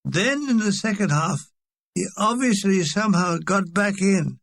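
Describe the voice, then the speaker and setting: A man's voice: high voice, measured pace, creaky, fairly bright tone, dry recording. A man reading a comic memoir aloud with a wry, dry delivery. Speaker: audiobook reader.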